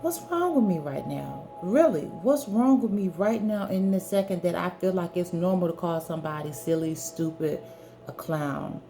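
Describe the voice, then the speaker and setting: A woman's voice: on the low side, moderate pace, gravelly, mellow, soft background music. A woman giving an earnest, preachy talk straight to the viewer, hammering her points home with repeated emphatic phrases. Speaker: spiritual wellness speaker. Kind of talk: direct-to-camera talk.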